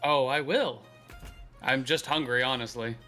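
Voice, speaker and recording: Bright-voiced man playing a tabletop game. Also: mid-range voice, unhurried, faint music behind. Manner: casual, playful. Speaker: player.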